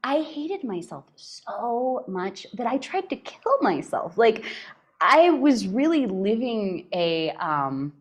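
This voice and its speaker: Expressive woman with a lively voice. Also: a little high, slow pace, breathy edge. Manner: expressive, laughs often while telling. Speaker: podcast guest. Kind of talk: personal storytelling in conversation.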